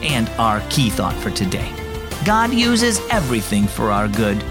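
A man's voice: on the low side, big pitch swings, unhurried, music in the background. A man narrating a scripted children's devotional, earnest and encouraging.

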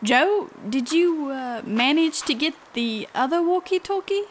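An actress playing a prim, proper park ranger. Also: female voice, sits high, animated, a little slow, slight background noise.

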